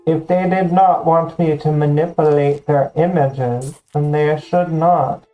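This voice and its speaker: A woman's voice: sits low, fairly even intonation, a little slow, highs cut off, faint music behind. A woman hosting a stream, chatting casually with a friend and joking playfully. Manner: playful, jokey banter. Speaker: streamer host. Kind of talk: casual chat on a game stream.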